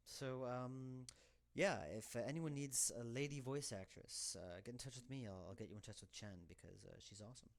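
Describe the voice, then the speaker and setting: A man talking through casual developer commentary in a rambling, hesitant way. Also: fairly low pitch. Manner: rambling, hesitant, full of fillers. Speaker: game developer giving commentary.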